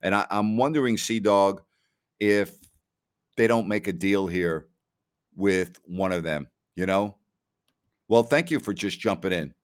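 A middle-aged New Yorker with a clear, resonant voice on the low side hosts a casual talk show. He chats with stream listeners and tells stories, often repeating words and quoting people.

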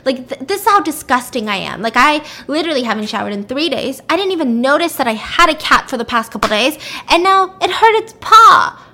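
A woman's voice: sits high, expressive, moderate pace, pitched above the performer's own voice. A woman voicing a distraught, reclusive woman who mutters anguished, self-disgusted thoughts.

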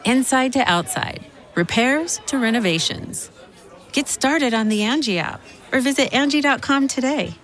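A woman announcer reading a promotional ad in a bright, upbeat manner. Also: sits high, lively intonation, moderate pace. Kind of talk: upbeat ad read.

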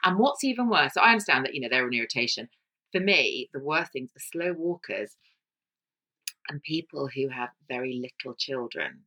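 A middle-aged woman chats as a podcast co-host, her voice bright and swinging widely in pitch. She tells stories animatedly and slips into high mimicking voices. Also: expressive, moderate pace, low-quality recording. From England. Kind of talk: casual chat.

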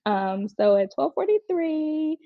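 A young woman with a fairly high voice tells a personal story in a chatty, frank way, slipping into quoted voices as she goes. The recording is a little dull and lo-fi, with a dry, close sound and almost no room. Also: sing-song, takes it slowly, no room sound. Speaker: mother telling her birth story.

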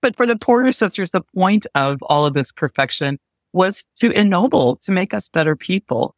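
A woman's voice: on the low side, no echo. Thoughtful middle-aged woman, dry close sound. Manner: measured, expressive, thoughtful. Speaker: guest, English professor. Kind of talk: dramatic reading and interview talk.

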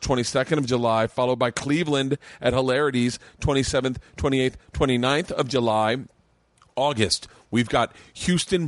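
A man hosting his own comedy podcast, talking loosely and fast, swearing often and rambling with excitement. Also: mid-range voice, no room sound. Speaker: podcast host and stand-up comic. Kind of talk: casual podcast chat. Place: home studio room.

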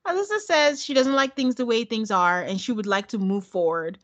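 Woman co-host, fairly high pitch, sarcastic storyteller for a casual recap. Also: expressive, normal speed, fairly bright tone. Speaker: podcast co-host recapping a reality show. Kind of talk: casual chat.

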